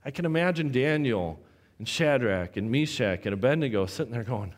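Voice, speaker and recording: A man preaching a sermon, telling a personal story with animated quoted voices. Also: mid-range voice, a little fast. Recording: long hall reverb.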